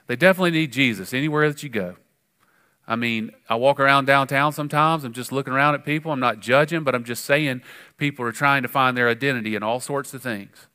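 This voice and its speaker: A man preaching a sermon as pastor, conversational and animated, with frequent fillers and sudden emphatic rises. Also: mid-range voice, fast talker, clear, resonant tone.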